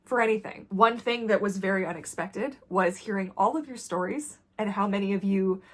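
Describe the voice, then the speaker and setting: A woman's voice: mid-range voice, normal speed. Blunt, intense woman vlogger. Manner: intense, blunt, trailing off quietly when sad. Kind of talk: candid talk to camera.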